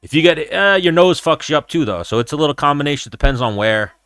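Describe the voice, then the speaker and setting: A man hosting a casual live-stream fight chat, telling animated, profane stories about brawls he has been in and reacting to viewer comments. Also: on the high side, fast, clean tone, no room sound, clean studio sound.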